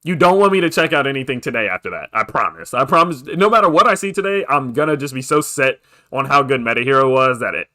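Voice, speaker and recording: A young man streaming live about crypto, hyped and pushy as he begs viewers for likes and gives shout-outs. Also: mid-range voice, lively intonation, fast. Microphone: desk microphone.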